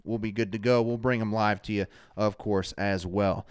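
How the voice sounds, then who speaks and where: A man hosting a live fan talk show from a studio, energetic and reading out viewers' names. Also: lowish voice, moderate pace, clean tone. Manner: energetic, shouts out viewers by name. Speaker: show host. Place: studio under hot lights.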